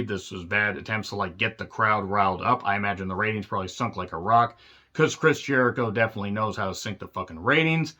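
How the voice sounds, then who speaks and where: A man's voice: mid-range voice, sharp tone, dull audio. A man giving a blunt, sarcastic spoken review of a wrestling show, swearing freely and breaking into goofy voices. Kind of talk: casual spoken review with profanity.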